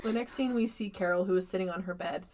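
A woman's voice: medium pitch, fast. Young woman on a podcast, chatty, does little voices for the characters while retelling the plot. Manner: animated retelling, acts out characters' lines. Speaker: podcast co-host. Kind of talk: casual chat recapping a movie.

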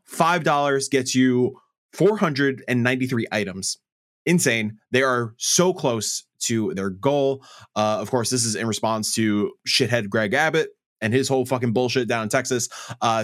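A man hosting a podcast, reading the intro in a casual way with frequent laughs and stumbles. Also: mid-range voice. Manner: animated, laughs often, stumbles over reads. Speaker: podcast host.

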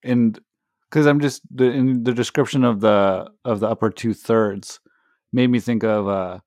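A man's voice: mid-range voice, fairly even intonation, measured pace, darkish tone, no echo, clean studio sound. A man co-hosting a podcast, asking curious questions in casual chat and laughing easily. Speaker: podcast co-host.

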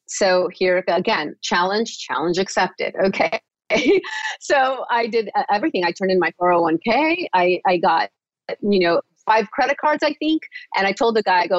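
Woman guest telling her story, lively, keeps laughing, dull lo-fi dry sound. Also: lowish voice, dry recording. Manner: lively, laughs often, repeats words in quick restarts. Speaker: podcast guest. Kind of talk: personal storytelling in an interview.

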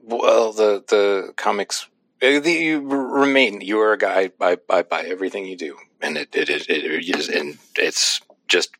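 A man who is a podcast guest, speaking casually in halting phrases as he searches for words. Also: low-pitched, fairly bright tone, dry recording. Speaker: podcast guest, comics writer. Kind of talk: casual chat.

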